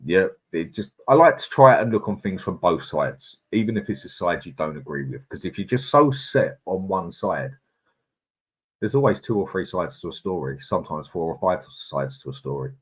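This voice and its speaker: Low husky bloke chatting live. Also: male voice, lively intonation, moderate pace. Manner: chatty, blunt and opinionated, with frequent "mate" and laughs. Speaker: live-stream co-host reading viewer chat. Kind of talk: casual live-stream chat.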